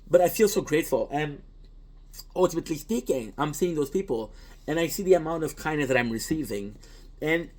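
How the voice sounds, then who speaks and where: A man of middling pitch, a native French speaker, talks straight to his audience as a streamer in a casual, reflective monologue. He is earnest and rambling, circles back with restarts and drops casual swear words. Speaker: content creator and streamer.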